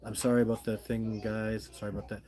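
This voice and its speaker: A man's voice: on the low side, little pitch movement, quick pace, mellow. Chatty middle-aged man reading live comments. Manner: chatty, apologetic, reads comments aloud. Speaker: livestream host reading viewer comments. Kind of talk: casual live-stream chat.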